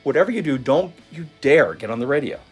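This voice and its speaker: A man's voice: mid-range voice, expressive, fast talker, slightly rough, soft background music, pitched above the performer's own voice. Man playing a stern, commanding station manager. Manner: urgent, commanding.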